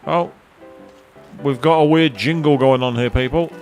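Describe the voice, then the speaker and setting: A man's voice: medium pitch, moderate pace, darkish tone, faint music behind. A man giving casual live commentary on a video game, chatting to viewers and swearing now and then. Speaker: let's play streamer.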